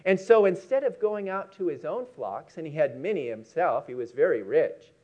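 A man preaching a sermon, telling a story with emphatic, slowed key words. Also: a little high, animated, darkish tone, dull audio.

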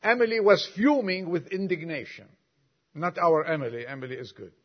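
An older pastor preaches a sermon and reads a long story aloud, adding folksy asides to the congregation. His voice is a little high and brisk, captured on a dull lo-fi recording.

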